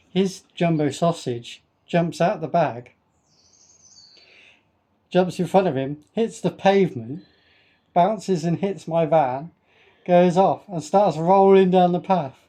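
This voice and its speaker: A man telling a funny story in animated casual chat. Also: fairly high pitch. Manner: animated, builds stories to a punchline. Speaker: podcast co-host.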